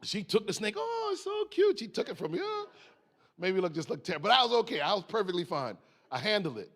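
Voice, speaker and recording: A middle-aged American man preaches about stress, slipping into a lively personal story. His voice sits a touch higher than most men's, and he throws in quick asides as he goes. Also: breathy edge. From United States. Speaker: speaker.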